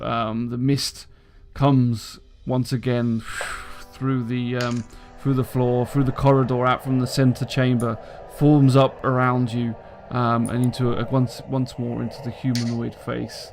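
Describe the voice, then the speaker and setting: Gravelly man narrating as dungeon master. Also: mid-range voice. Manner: halting, lots of ums. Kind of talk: narrating a tabletop game.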